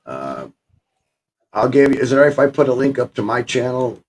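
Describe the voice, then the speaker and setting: Lively-pitched man. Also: fairly quick. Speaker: guest. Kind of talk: casual chat.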